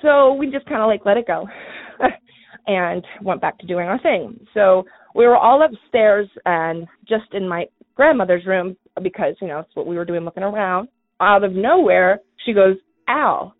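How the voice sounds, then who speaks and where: Woman caller, mid-pitch, casual storyteller, hesitant with soft laughs, phone-line sound. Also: no echo. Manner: halting, with fillers and soft laughs. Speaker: caller telling a personal story. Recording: tinny phone line, dry.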